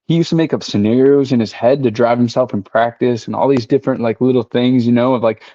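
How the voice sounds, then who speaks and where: A man's voice: medium pitch, steady tone, fast talker, mellow, no room sound. A man as a podcast guest, laid-back and casual, leaning on "you know" and "like". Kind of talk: casual chat. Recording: dry, dull lo-fi audio.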